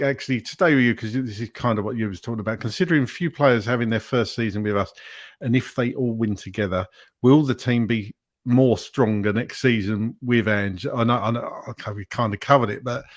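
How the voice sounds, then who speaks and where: A man hosting a casual football podcast, thanking donors, reading viewer questions and passing the turn to his guests, with a lot of ums and uhs. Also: mid-range voice. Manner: easygoing, reads donations and questions with fillers. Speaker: podcast host.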